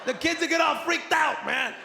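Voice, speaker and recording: A middle-aged comedian on stage speaks at a moderate pace in a very high, gravelly voice, cursing freely and animatedly voicing members of his family. A loud live crowd adds heavy background noise in the echoey hall.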